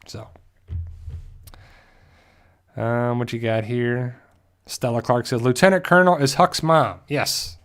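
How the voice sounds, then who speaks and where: A man hosting a casual fan livestream, reading out viewer comments, chatty and laughing often. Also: on the high side. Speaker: host of a fan discussion show.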